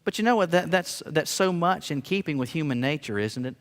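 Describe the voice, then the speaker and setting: A man's voice: a little high, animated, a little fast. A man preaching a sermon earnestly, with emphatic rising peaks and small stammered restarts. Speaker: pastor. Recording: long hall reverb.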